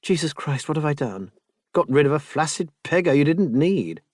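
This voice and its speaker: A man voicing a blunt, loyal young man in an audiobook, in a dry, low-key manner with coarse banter. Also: sing-song, normal speed, a little mellow, no room sound. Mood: gleeful. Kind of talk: audiobook character voice.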